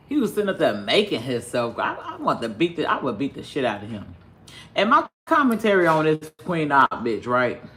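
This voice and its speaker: A man's voice: medium pitch, bright, forceful tone. A man giving blunt, heated livestream commentary, swearing constantly as he rants. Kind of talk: profane ranting commentary.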